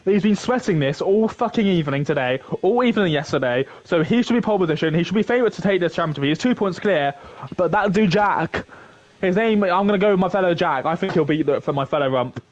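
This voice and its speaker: High, animated male caster on a dull mic. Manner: jokey, teasing, quick banter. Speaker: co-commentator. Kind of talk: casual esports race commentary. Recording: dull lo-fi mic with faint hiss.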